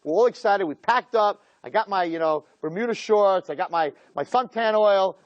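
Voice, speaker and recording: A man, a rabbi, telling a personal story in a lively way and acting out the dialogue. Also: dry recording, muffled recording. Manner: animated, acts out dialogue with quick pitch swings. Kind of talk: storytelling talk.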